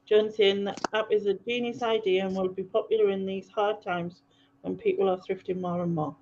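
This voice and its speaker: A woman's voice: medium pitch, steady tone, normal speed, a little mellow, highs cut off, a little hiss or hum. A woman hosting a livestream, chatting loosely and laughing easily. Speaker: livestream host. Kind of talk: casual livestream chat.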